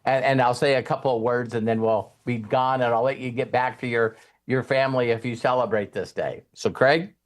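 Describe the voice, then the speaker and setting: A man's voice: medium pitch, steady tone, brisk, hardly any pauses. A man hosting a casual group talk, rambling with many fillers. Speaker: host and coach.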